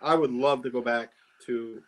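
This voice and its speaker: A man co-hosting a relaxed cigar podcast in a middle-pitched voice. He speaks in short, easygoing answers. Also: moderate pace. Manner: laid-back, brief answers. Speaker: podcast co-host, tobacconist. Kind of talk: casual cigar podcast chat.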